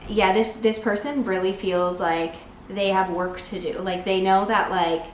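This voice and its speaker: A woman giving a casual tarot reading to camera, chatty and full of "like", breaking into excited bursts now and then. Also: medium pitch, measured pace, slight background noise. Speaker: tarot reader. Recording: echoey room.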